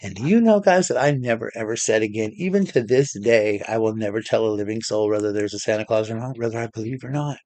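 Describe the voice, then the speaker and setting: A man's voice: lowish voice, lively intonation, fast talker, hardly any pauses, a little mellow, no room sound. A man vlogging, telling a long personal story in a chatty, rambling way with many restarts. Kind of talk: casual storytelling to camera.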